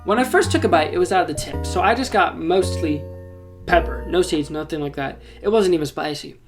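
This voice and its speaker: A young man hosting a podcast, casually telling funny stories with jokey, animated delivery and sudden loud asides. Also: fairly high pitch, fairly quick. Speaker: podcast host. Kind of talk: casual storytelling. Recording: background music under the voice.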